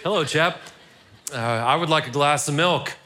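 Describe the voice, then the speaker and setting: A man voicing an offended male string that poses as a genteel gentleman, with a put-on British accent, prim and clipped. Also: on the high side, moderate pace.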